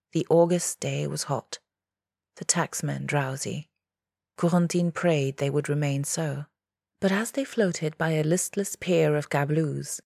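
A woman narrating a fantasy short story, shifting into soft whispers and sudden raised cries for the characters. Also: low voice, gravelly, no echo, studio quality. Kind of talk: scripted narration.

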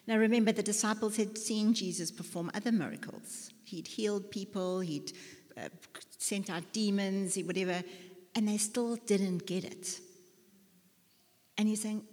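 A woman's voice: on the low side, unhurried, a little mellow. A woman giving a conversational sermon, chatty and self-mocking, with many fillers and restarts. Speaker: lay preacher. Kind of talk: conversational sermon with personal stories. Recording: long hall reverb.

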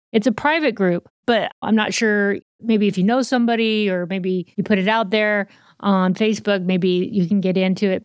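A woman with a mid-range voice co-hosts a podcast in relaxed conversation. She talks in a reflective, searching way, often pausing on small fillers. The recording is dry and close, with no room sound. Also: medium pitch, clean tone, no room sound. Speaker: podcast co-host. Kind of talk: casual podcast talk.

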